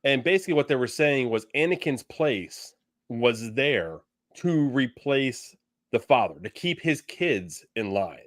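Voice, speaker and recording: This podcast co-host is a man with a medium-pitched, expressive, fairly bright voice and a slightly slow delivery. He rambles through a casual fan discussion, restarting often and using plenty of fillers. The studio-quality recording has no room sound.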